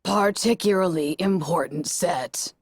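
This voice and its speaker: A woman reading a fan fiction story aloud and voicing a calm, lecturing voice that speaks through a flying robot orb. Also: fairly low pitch, unhurried, husky, no echo, studio quality, pitched below the performer's own voice. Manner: calm, lecturing, slightly hesitant.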